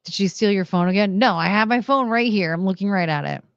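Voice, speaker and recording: A young woman streams casually, slipping into high baby talk for her pets. Her voice is dry and close, with a slightly dull, muffled sound. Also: quick pace, smooth, no echo.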